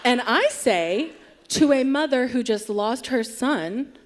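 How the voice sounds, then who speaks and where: A woman's voice: fairly high pitch, animated, takes it slowly. Wry woman telling a story on stage. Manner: wry, self-deprecating, acts out quotes. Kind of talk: live comic storytelling. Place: theatre stage.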